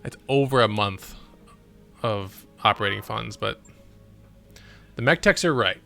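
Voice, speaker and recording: Bright-voiced man streaming a game. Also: lowish voice, expressive, measured pace, vocal fry, faint music behind. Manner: muttering, thinking aloud. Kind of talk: casual gameplay commentary.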